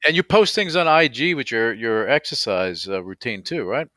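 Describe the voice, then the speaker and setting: A man's voice: mid-range voice, expressive, normal speed, pushed and bright, no room sound, clean studio sound. A man hosting a radio show, chatting casually and agreeably with his guest, often repeating himself. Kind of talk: casual interview chat.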